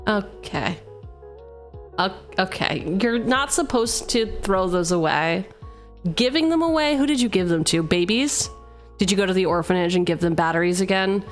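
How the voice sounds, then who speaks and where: A young adult woman with a fairly low voice speaks at normal speed as she hosts a casual card-game deck-building stream. She teases and jokes, mixing banter with card text over faint background music.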